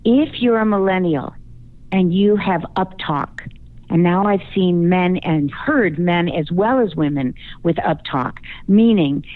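A woman's voice: on the low side, unhurried. A woman from Chicago, a guest speaking coach in a radio interview, giving confident, emphatic advice. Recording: phone-line call.

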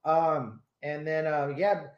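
A man's voice: a little high, steady tone, slow pace, muffled recording. A man hosting a casual radio chat, laid-back and rambling, swearing often as he tells stories. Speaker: radio host. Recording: roomy echo.

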